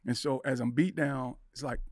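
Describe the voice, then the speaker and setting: A man's voice: medium pitch, fairly even intonation, moderate pace, no echo, studio quality. A middle-aged man, a podcast guest, telling an emotional personal story with intensity, acting out the voices in his head. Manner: intense, acts out inner voices and quotes.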